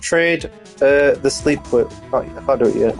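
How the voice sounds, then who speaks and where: A young man chats loosely while playing a game, full of "like" and "you know" and liberal swearing. His voice sits at an everyday male pitch, and his commentary is rambling and offhand. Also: normal speed, faint music behind. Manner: rambling, swears freely, many fillers. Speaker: streamer. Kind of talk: casual gaming commentary.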